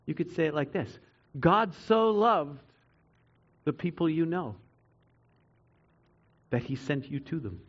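A man preaching a sermon to a congregation, earnest, swinging between loud emphatic stretches and quiet reflective ones. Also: on the high side, animated, normal speed, pauses often, highs cut off. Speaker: pastor.

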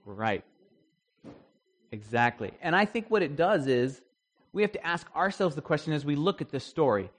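A man's voice: on the high side, expressive, moderate pace, pauses often. Man leading a casual Bible study. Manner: conversational, poses questions to the group, frequent restarts. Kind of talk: interactive Bible study teaching.

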